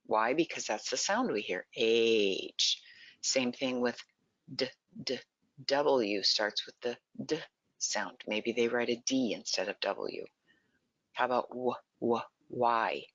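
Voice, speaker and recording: Bright, crisp webinar teacher. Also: mid-range voice, unhurried, no room sound. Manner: explains patiently, poses questions to listeners. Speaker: early literacy presenter. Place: lives in Texas. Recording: dull lo-fi dry sound.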